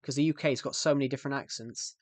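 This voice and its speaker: A man's voice: medium pitch, steady tone, fast talker, no echo. A young man with a British accent who streams games, chatting casually in a rambling, self-correcting way. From United Kingdom. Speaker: game streamer. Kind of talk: casual live-stream chat.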